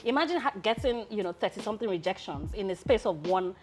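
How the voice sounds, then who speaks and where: Nigerian woman telling lively stories. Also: medium pitch, fast talker, soft background music. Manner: lively storyteller, often breaks into laughter. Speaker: guest, lawyer and founder. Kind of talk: casual interview storytelling.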